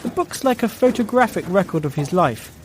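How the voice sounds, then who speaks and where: Calm man recorded with faint ambience. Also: sits high, a little fast, slight background noise. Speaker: photographer interviewee. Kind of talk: recorded talk clip.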